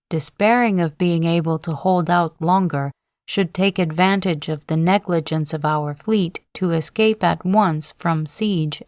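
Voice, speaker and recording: A woman's voice: fairly low pitch, dry recording, studio quality. A woman reading the lines of a proud, vehement male general in a sleep-story audiobook, with declamatory, impassioned delivery. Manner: declamatory, impassioned oratory at a slow, even reading pace.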